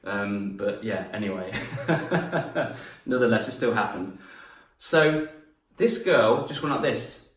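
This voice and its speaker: A young man, a confidence coach and former teacher, telling stories in a lively lesson to camera and acting out voices as he goes. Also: fairly low pitch, takes it slowly, distant mic. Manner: animated, laughs at his own stories, acts out voices. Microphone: camera mic. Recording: roomy echo, mic set back.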